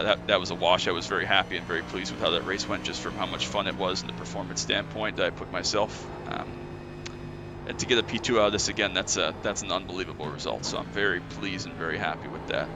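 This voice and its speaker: A sim racing streamer with a low voice gives chatty commentary on his own race, a little out of breath, filling gaps with filler words and correcting himself. Heavy background noise is present.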